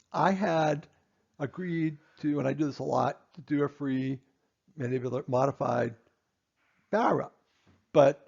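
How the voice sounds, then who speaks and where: A man's voice: fairly high pitch, vocal fry, darkish tone, husky, dull audio. A man, a dentist, giving a stern training lecture to his assistants, emphatic and repeating his points.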